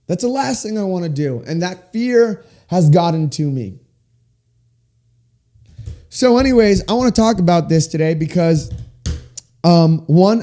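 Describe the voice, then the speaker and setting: A man in his twenties hosting a faith-based solo podcast, talking with big swings up and down in pitch, in a small room with sound panels. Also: dark tone. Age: 20s. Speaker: podcast host.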